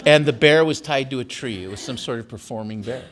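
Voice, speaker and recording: A man's voice: mid-range voice, a little fast, a bit bright. An older man from Tijuana and San Diego giving a talk as an author, telling wry family stories and laughing at his own jokes in a campus auditorium. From born in Tijuana, raised in San Diego. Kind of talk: storytelling lecture.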